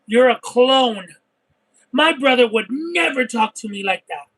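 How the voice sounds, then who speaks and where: A man voicing his adult sister as she coldly accuses her brother, speaking slowly and flatly. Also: very high voice, voice pushed up, exaggerated voice, low-quality recording.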